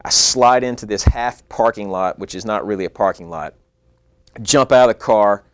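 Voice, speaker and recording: Young male actor, low voice, dry close sound, lively storyteller who acts out his own panic. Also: moderate pace, clear, resonant tone, no room sound. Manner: animated, acts out his own lines in a rising voice. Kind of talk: casual storytelling. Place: California.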